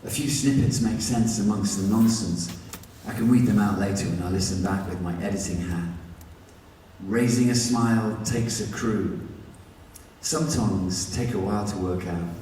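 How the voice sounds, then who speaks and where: A man's voice: lowish voice, normal speed, mellow, a little hiss or hum. A man reading his own novel aloud in the first person, with a wry, conversational delivery. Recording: echoey hall from far off, faint ambience.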